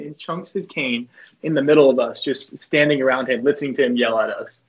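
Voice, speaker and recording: A young man, a former college pitcher, telling loose, profane stories as a podcast guest. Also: fairly quick, dull audio, over a noisy crowd. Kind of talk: casual podcast chat.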